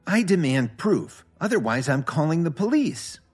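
A man's voice: mid-range voice, wildly swooping pitch, a little slow, husky, faint music behind, voice pushed up, exaggerated voice. A man voicing an indignant male con man in a read-aloud story, raising his voice in insistent complaint. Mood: demanding.

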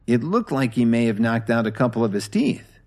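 A man narrating a dramatic story with an expressive reading. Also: mid-range voice, brisk.

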